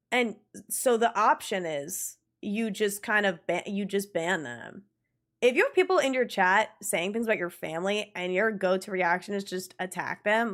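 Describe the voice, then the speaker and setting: A young adult woman streaming a game and chatting casually with her viewers, animated and quick to laugh, swearing freely. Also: mid-range voice. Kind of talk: casual live-stream chat.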